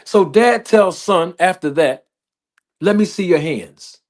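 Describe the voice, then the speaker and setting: A man tells a story at a slow, deliberate pace, his voice sitting a little high. He builds it step by step, repeating phrases. The delivery is unhurried and conversational. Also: lively intonation. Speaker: podcast host.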